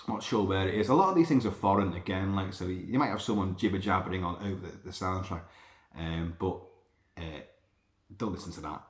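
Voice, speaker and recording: A man with a lowish voice rambles through a sweary, animated monologue. He tells stories loosely and jumps between thoughts. The room sounds roomy and echoey. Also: brisk. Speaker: podcast host. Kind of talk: casual monologue. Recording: roomy echo.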